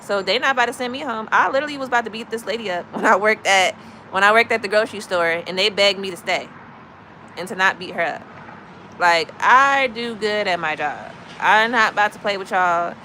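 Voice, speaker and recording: A woman from Chicago tells blunt, gossipy stories to her livestream chat in a bright, forceful voice. Her delivery is animated and casual, speaking into a phone mic with faint outdoor traffic noise behind her. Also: mid-range voice, a little fast, rough recording. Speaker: livestream host. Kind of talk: casual storytelling to live chat.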